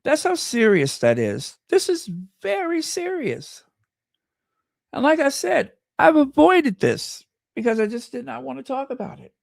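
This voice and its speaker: An American channel host speaks slowly and emphatically in a livestream. The voice is gravelly, with a pitch that swings widely. The sound is dry and close. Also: sing-song, no echo. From United States. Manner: impassioned and emphatic, reads viewer comments aloud. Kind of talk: livestream commentary.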